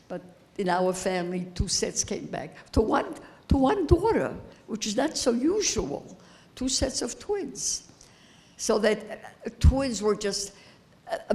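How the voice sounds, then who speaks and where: Old lady in her 80s giving a keynote testimony, halting and emotional, repeats herself. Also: mid-range voice, a little mellow. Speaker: keynote speaker. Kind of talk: personal testimony speech. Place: high school event hall.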